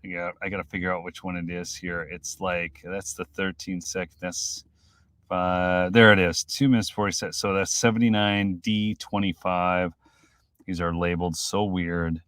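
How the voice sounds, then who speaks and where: Excitable male livestream commentator, dry sound. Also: deep voice, normal speed, clear, resonant tone, no room sound. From Minnesota. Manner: excitable, swings from loud outbursts to mutters. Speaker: political commentary streamer. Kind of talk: live-stream commentary.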